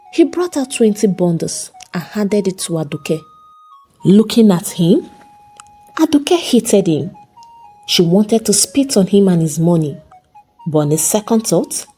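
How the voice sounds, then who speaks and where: A woman narrating a folktale in a dramatic, unhurried storytelling manner. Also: fairly low pitch, dark tone, husky. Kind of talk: scripted narration. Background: faint background music.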